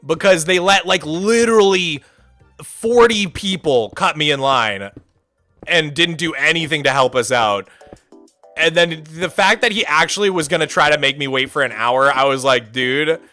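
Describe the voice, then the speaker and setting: Animated, ranting male streamer. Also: a little high, moderate pace, faint music behind. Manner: animated, ranting, sarcastic, swings to shouting. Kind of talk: casual storytelling on a livestream.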